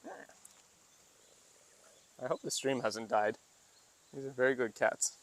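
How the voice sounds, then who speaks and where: A man vlogging on a walk, speaking casually and cooing at cats in a high baby voice between laughs. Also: steady tone, unhurried, very noisy. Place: outdoors in a small town street.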